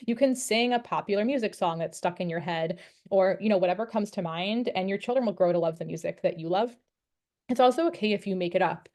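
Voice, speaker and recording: A woman's voice: medium pitch, fairly quick, darkish tone. Encouraging woman presenter explaining. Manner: friendly, encouraging, explains step by step. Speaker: teacher of the deaf, presenter. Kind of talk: instructional webinar presentation.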